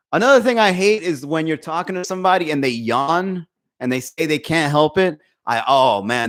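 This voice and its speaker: A man's voice: on the high side, fairly bright tone. A young adult man, a comedian hosting a casual livestream podcast, talking through a phone, reading viewer comments and acting out the voices he quotes, with plenty of swearing. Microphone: phone for live stream.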